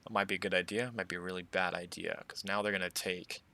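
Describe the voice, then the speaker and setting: An American man casually commenting on a strategy game as he plays, thinking aloud in a relaxed, chatty way. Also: sits low, fast talker, vocal fry. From United States. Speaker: strategy game let's player.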